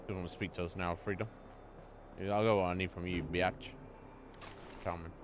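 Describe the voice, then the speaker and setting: A man's voice: low-pitched, steady tone, moderate pace, background noise. A man streaming a game, chatting loosely, swearing and laughing at what happens. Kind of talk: live gaming commentary.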